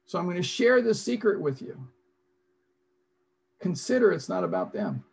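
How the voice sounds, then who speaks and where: A man's voice: sits high, animated, normal speed, gravelly, slightly rough. A man presenting an interactive online seminar over a video call, coaching his audience and repeating his prompts.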